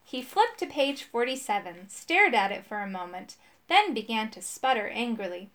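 A woman narrates a children's chapter book aloud. Her reading is clear and steady, and her voice sits a little high. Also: normal speed. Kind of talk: audiobook storybook reading.

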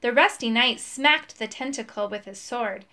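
A woman reading a children's adventure story aloud in a clear, expressive voice. Her tone sits a little high and keeps an even storytelling pace. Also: normal speed. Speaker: storybook reader.

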